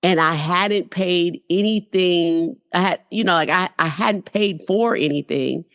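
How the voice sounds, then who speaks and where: A middle-aged woman speaks as an interview guest in a fairly low voice. She tells her story earnestly and with conviction, weaving in faith and many "you know"s. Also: a little slow, fairly bright tone. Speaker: entrepreneur guest. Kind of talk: candid conversational interview.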